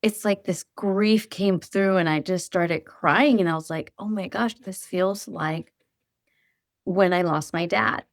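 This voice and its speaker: A middle-aged woman, a podcast guest, talking in an earnest, reflective way that is often halting. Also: lowish voice, no room sound, clean studio sound. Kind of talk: casual chat.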